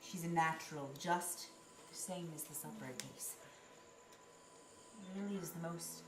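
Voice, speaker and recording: A woman's voice: lowish voice, roomy sound, distant mic, rough recording. A woman playing a bustling eccentric medium. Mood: brisk. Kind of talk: amateur stage play performance.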